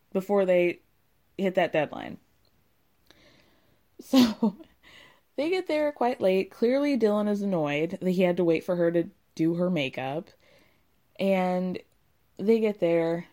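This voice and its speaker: A young woman recapping a reality show in a casual, animated way, swearing freely and laughing often. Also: medium pitch.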